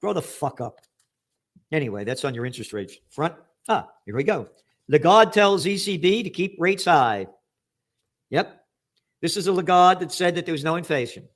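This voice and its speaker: A man's voice: fairly high pitch, lively intonation, moderate pace. Angry profane man ranting over headlines. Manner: angry, profane, sarcastic, swings between shouting and muttering. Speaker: trends forecaster reading and commenting on headlines. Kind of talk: ranting news commentary.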